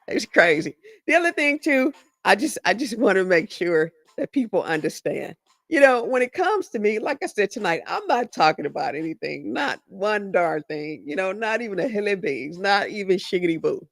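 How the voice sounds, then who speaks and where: A middle-aged woman hosts her own podcast in a sassy, emphatic monologue. Her voice sits at an ordinary middle pitch. The sound is dry and close, with no room echo. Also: big pitch swings, moderate pace, vocal fry. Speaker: podcast host. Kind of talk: casual commentary monologue.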